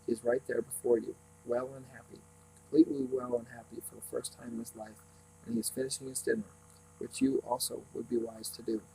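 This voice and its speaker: A man reading as a quiet, cold red-eyed ruler. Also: mid-range voice, flat delivery, a little fast, vocal fry, slight background noise, close to an everyday voice, rough recording. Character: cold calm male alien ruler with red eyes.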